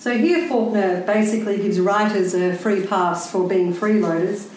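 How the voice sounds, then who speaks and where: A woman writer giving a prepared talk to a live audience, speaking in a wry, deliberate and pointed way. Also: mid-range voice, darkish tone, a little hiss or hum. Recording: very echoey room.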